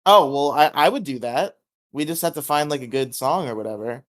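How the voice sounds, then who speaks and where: A man's voice: mid-range voice, expressive, fairly quick. A man co-hosting a podcast in casual chat, laid-back and rambling, often chuckling. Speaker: podcast co-host.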